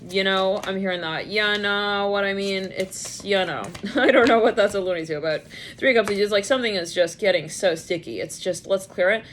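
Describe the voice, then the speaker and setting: A woman's voice: mid-range voice, fairly quick, a little hiss or hum. Woman rambling through a tarot reading. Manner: rambling, musing aloud with bursts of playful mimicry. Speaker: tarot reader. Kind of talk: casual intuitive tarot reading.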